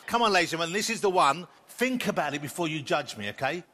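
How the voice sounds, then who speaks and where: A man's voice: fairly high pitch, expressive, fast. A man on a TV panel, joking and teasing like a showman while he makes his guesses, in a studio with an audience. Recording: loud studio crowd and noise.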